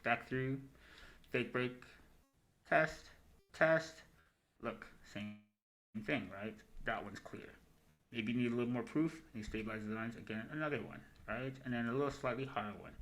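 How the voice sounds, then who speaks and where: On a rough recording, a man hosting a crypto trading show walks his livestream through market charts in a steady, mid-range voice. His talk is quick, profane and meandering, with "right?" tagged onto nearly every point, all in a casual commentary style.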